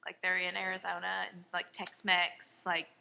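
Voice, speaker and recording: A woman in her late twenties with a lowish voice that has a strong gravelly fry yet sounds bright and forward. She chats playfully in a casual commentary and sounds sure of her opinions. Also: monotone, moderate pace. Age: late 20s. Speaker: podcast co-host, first-grade teacher.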